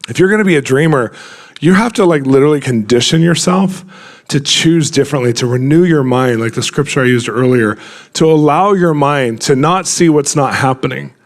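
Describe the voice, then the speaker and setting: A man's voice: mid-range voice, expressive, fairly quick. A man preaching in a conversational, story-telling way, full of casual filler words. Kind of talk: conversational sermon.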